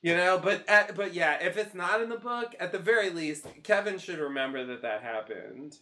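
A man with a slightly higher voice talks casually on a podcast. He thinks out loud, hedges and restarts his phrases as he works through an idea. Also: expressive, moderate pace. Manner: hesitant, restarts often, thinking aloud. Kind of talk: casual chat.

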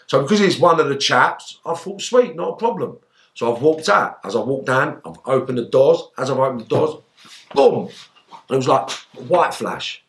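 A man's voice: mid-range voice, moderate pace. A man telling stories in a casual interview, swearing a lot and acting out his own outbursts. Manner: animated storyteller, shouting out quoted outbursts, heavy swearing. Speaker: interview guest, former gangster.

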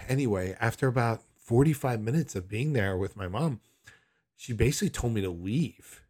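A man's voice: medium pitch, animated, a little fast, a little mellow, slightly rough. A man telling a personal story in a candid, rambling way, often questioning himself. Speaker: son recounting a hospital visit.

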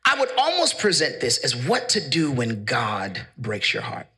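Bright-voiced preacher man. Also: medium pitch, huge pitch swings, unhurried, husky. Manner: paraphrases verses casually, calls for congregation responses. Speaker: pastor. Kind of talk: sermon with scripture reading.

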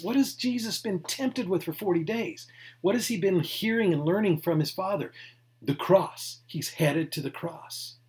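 A man, a pastor, preaching a sermon in a conversational way, stressing key words and dropping to near-whispered asides. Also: mid-range voice. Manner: emphatic, swinging from loud to near-whispered asides; conversational, with restarts and small laughs.

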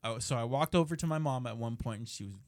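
A man in his twenties telling a rowdy story among friends, casual and animated, swearing and acting out quotes. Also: mid-range voice, fast talker. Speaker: podcast co-host telling a story.

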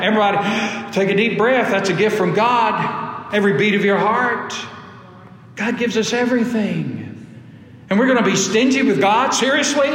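A man's voice: high-pitched, fairly bright tone. A man preaching a sermon to his congregation, emphatic and repeating key phrases. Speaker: pastor. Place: church sanctuary. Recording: echoey hall.

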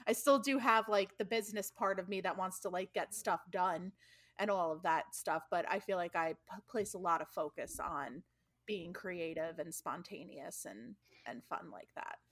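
A woman's voice: lowish voice, moderate pace, a bit bright, dry recording, clean studio sound. A woman co-hosting a casual podcast chat, talking loosely and filling her sentences with "like". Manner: chatty, fills talk with "like". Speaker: podcast co-host.

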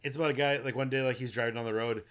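This podcast co-host speaks very fast in a mid-range voice, with fairly even intonation and a clean, fairly bright tone. He rambles through long movie plot retellings, packing in ums and likes during a casual film chat.

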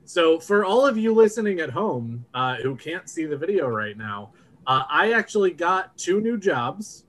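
Male podcast co-host, casual chat, jokey, higher voice, very lively pitch. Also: normal speed, a little hiss or hum. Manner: joking, lively banter.

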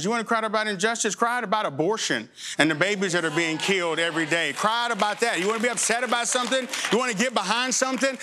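A middle-aged man preaching a sermon as pastor to his congregation in a church, with impassioned emphasis that rises high and then drops low and slow. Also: sharp tone. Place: church sanctuary before a congregation.

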